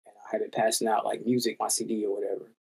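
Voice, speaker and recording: A man guest in a casual interview, telling a story in a lively way with slang and loose phrasing. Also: lowish voice, racing, husky. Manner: animated storyteller, acts out quoted voices. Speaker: musician guest.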